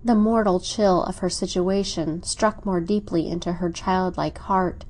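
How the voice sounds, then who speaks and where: A woman reading a classic novel aloud in measured, even scripted narration. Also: lowish voice. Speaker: audiobook reader.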